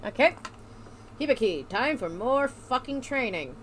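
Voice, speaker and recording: A young woman giving casual, sarcastic gameplay commentary, excitable and swearing freely. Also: fairly high pitch, normal speed, slight background noise. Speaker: let's play streamer.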